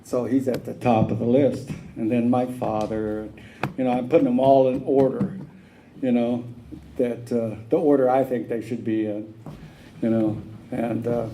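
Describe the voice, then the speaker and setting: A man shares his story at a recovery meeting in a plain, unhurried drawl, full of "uh"s and "you know"s. His voice is mellow and relaxed, at a middling pitch. A faint noise sits under the recording. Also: low-quality recording. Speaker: AA speaker sharing his story.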